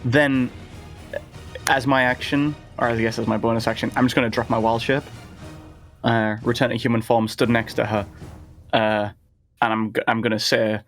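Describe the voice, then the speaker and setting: A man's voice: medium pitch, level tone, normal speed, long pauses, a bit bright, soft background music. A man playing a tabletop game, thinking aloud and hesitating. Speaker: player. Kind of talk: casual tabletop play.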